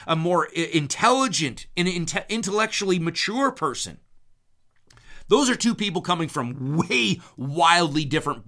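Man, host type, bright forceful voice, loose rambling talk full of restarts. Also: a little high. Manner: rambling, frequent restarts and stammered repeats; animated when retelling arguments, acting out quotes. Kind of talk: casual monologue.

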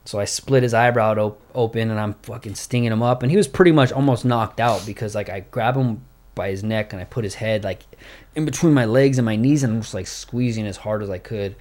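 A man telling a fight story in casual, profane, animated chat. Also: fairly low pitch, a little fast.

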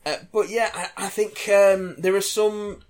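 A man's voice: sits high, steady tone, measured pace, a little mellow. A man in casual podcast chat as co-host, hesitant with fillers and casual swearing.

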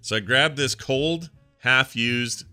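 A man's voice: mid-range voice, takes it slowly, pushed and bright, clear, resonant tone, no room sound, faint music behind. A man hosting a podcast in casual, joking chat, playing listener calls and snacking at his desk. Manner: laid-back, joking, talks while snacking. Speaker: podcast host.

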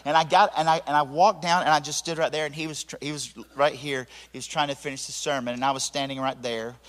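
A man preaching his testimony as a lively story and acting out the voices he describes. His voice is bright and forceful and sits a little high for a man, with long reverb from a large hall around it. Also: fast. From Tennessee, US. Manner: animated storyteller, acts out voices. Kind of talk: storytelling sermon.

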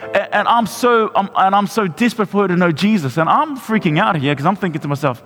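A man's voice: high-pitched, lively intonation, brisk, a bit bright. A man, a pastor preaching a sermon and telling a personal story, often restarting and repeating his words. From New Zealand. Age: 40s. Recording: long hall reverb with music behind.

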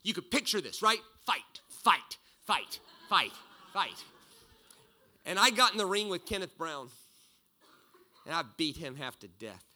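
A middle-aged man delivering a storytelling sermon in a slightly high, very bright voice. He swings from loud bursts down to quiet asides. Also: very animated, unhurried, long pauses, a little hiss or hum. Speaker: pastor.

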